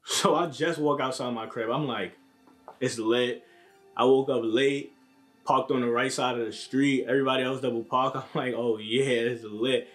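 A man's voice: medium pitch, steady tone, moderate pace, faint music behind. A young man casually telling a story to camera in a laid-back, slang-heavy way, acting out what people said to him. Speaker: vlogger.

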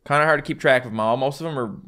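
A man's voice: medium pitch, very fast, bright, forceful tone. Chatty young Newfoundland man. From Newfoundland, Canada. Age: 20s. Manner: rambling, joking, local grammar. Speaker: YouTuber answering fan questions. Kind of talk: casual Q&A chat.

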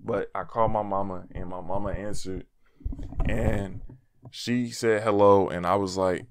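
A man's voice: on the low side, steady tone, measured pace, noisy background. A young man telling a personal story in a loose, slangy, cursing storytime vlog, laughing at himself now and then. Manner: casual, slangy, swears often; laughs at his own story. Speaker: vlogger.

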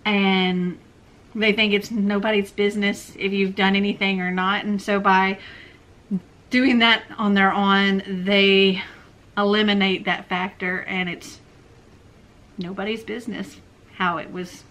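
Young woman rambling bout books on her channel, slow and chatty, bright voice. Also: medium pitch, level tone. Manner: chatty, many fillers like "like" and "um". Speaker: book vlogger. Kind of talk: casual book review chat.

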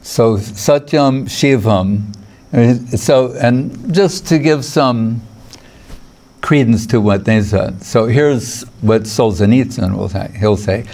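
Slow, unhurried male spiritual teacher. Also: medium pitch, a little mellow. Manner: digressive, chuckling, quotes Sanskrit verses. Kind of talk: lecture on scripture.

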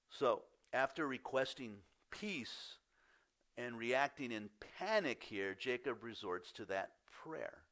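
A man preaching a sermon as pastor. He reads scripture, then talks in a candid, conversational way, his voice rising when he gets excited and dropping soft on key points. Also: mid-range voice, takes it slowly. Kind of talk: sermon, scripture reading and personal story.

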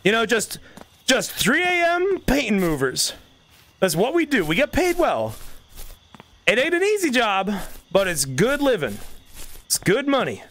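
A man streaming a game, with a high, bright voice that leaps all over the place. He swears freely and yells at the screen, with faint music under him. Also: measured pace, long pauses. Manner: excitable, swearing, yelling at the game. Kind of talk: casual gameplay commentary.

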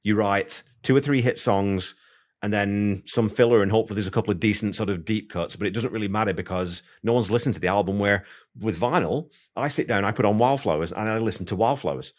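A man's voice: on the low side, brisk. A man hosting a podcast interview, chatting casually and thinking aloud with plenty of asides. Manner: rambling, thinks aloud, many "you know" asides. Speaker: podcast host.

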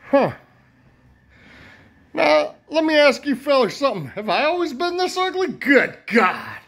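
A man's voice: high-pitched, a bit bright. Crude rambling guy vlogging, swears a lot, tells a rowdy story. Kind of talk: crude comedic rant to camera.

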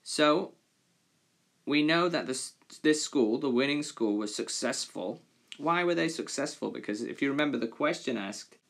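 A man's voice: mid-range voice, expressive, moderate pace, gravelly, fairly bright tone. A male primary school teacher giving a recorded reading lesson, patiently explaining and reading a fable expressively.

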